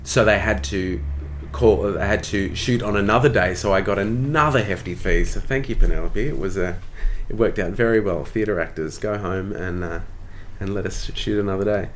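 Deep-voiced Australian man telling stories. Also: moderate pace, hardly any pauses, slight background noise. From Tasmania, Australia. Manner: chatty, self-deprecating, easygoing. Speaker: actor, interview guest. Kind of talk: casual interview storytelling.

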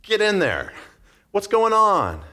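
A man playing a pleading excited father. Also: high-pitched, takes it slowly, pitched above the performer's own voice, full character voice. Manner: pleading, coaxing.

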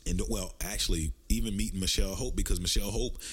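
A man with a deep voice and a Southern US accent, hosting a podcast in casual, animated storytelling chat. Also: quick pace, slightly rough. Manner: animated storytelling, swings up in pitch for emphasis. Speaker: podcast host.

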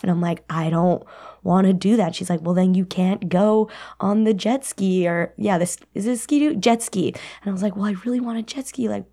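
A young woman tells a personal story in a casual, chatty way, laughing now and then. Her voice sits at a middle pitch. She acts out the people in the story with lively little voices. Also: fairly quick. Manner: chatty, animated, laughs while telling, acts out quotes. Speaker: guest storyteller.

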